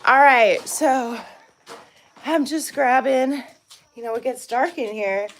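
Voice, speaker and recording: A woman with a high voice hosts a casual live vlog from her off-grid homestead. She talks slowly and chattily to her viewers, calling them y'all as she walks around the cabin with the camera. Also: a bit bright. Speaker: vlogger, homestead channel co-host.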